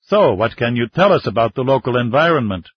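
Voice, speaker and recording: A man's voice: mid-range voice, very animated, a little fast, husky, no room sound. A man voicing a gracious male cardinal welcoming a guest, in an audiobook reading. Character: warm older male cardinal, gracious host. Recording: dull lo-fi dry recording.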